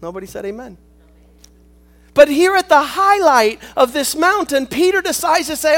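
High-pitched male preacher; forceful swings from loud to quiet in a rhetorical sermon. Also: animated, normal speed. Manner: swings between shouting and hushed asides; rhetorical, calls for amen.

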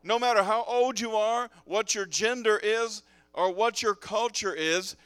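A pastor preaches to his congregation in a smooth, clear voice that sits a little high for a man. He pulls the room in with call-and-response and light joking asides. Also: unhurried, fairly bright tone, no room sound. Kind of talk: sermon. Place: church sanctuary with congregation.

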